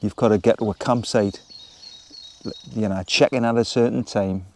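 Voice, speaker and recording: A man, chatting casually in a relaxed, rambling way as he vlogs from a woodland wild camp. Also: lowish voice, moderate pace, a little hiss or hum. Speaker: vlogger. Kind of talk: casual outdoor vlog talk. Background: birds and woodland ambience.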